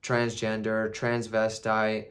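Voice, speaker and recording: A man's voice: fairly low pitch, completely flat delivery, slow, fairly bright tone. A man casually recapping a film, rambling with restarts and fillers. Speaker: movie reviewer.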